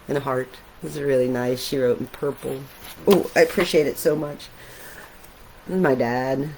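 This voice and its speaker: A middle-aged woman, an artist, talking casually and reflectively while showing her sketches, with soft laughs now and then. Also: extremely low pitch, fairly even intonation, measured pace, pauses often, slight background noise, rough recording.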